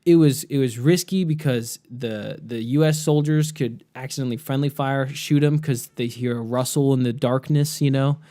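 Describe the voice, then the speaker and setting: A man's voice: medium pitch, fairly even intonation, normal speed, few pauses, warm tone. A man co-hosting a casual podcast, retelling a story at length with frequent restarts. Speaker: podcast co-host.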